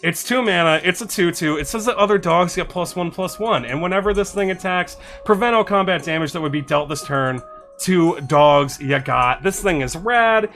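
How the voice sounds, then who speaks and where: A man speaking into a desk microphone reviews card suggestions during a casual live stream. His bright voice sits a little high as he thanks followers and reads text out in quick, excited bursts, with soft music faintly in the background.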